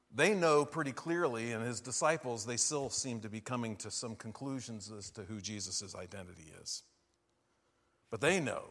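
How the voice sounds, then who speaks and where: A man preaching a sermon, asking his listeners questions and moving between hushed and loud, emphatic lines. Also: mid-range voice, in a large hall.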